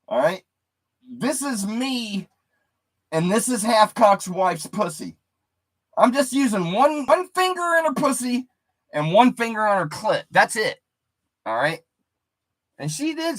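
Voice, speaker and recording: A man telling a vulgar story in a crude, animated way, showing moves with his hands. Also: high voice. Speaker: streamer.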